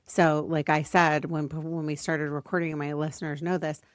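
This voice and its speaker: Deep-voiced woman podcast host. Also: flat delivery, normal speed, clear, resonant tone, no room sound, studio quality. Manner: earnest, speaking directly to listeners. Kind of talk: conversational interview.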